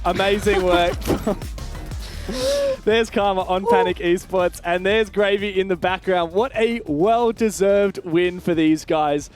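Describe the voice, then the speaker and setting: A man doing fast play-by-play esports commentary, building to shouts at big plays. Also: high-pitched, soft background music. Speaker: play-by-play caster.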